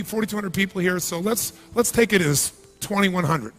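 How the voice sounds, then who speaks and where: Male motivational speaker, high-pitched, animated seminar delivery, questions the crowd directly. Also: normal speed, hardly any pauses, faint music behind. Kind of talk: live seminar speech. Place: large event hall.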